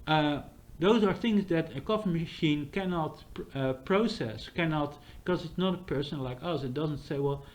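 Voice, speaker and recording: A man's voice: fairly high pitch, moderate pace, few pauses. A man talking in a casual, rambling monologue, full of fillers and restarts.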